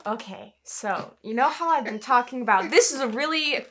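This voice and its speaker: A woman guest on a casual review chat, eager and excitable. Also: fairly high pitch, moderate pace, slight background noise. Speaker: guest, game fan.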